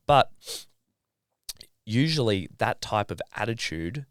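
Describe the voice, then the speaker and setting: Australian man, young adult, low smooth voice, laid-back interview guest. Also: normal speed, dry recording, studio quality. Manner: relaxed, swears casually, acts out his own inner thoughts. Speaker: podcast guest, athlete. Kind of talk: casual interview talk.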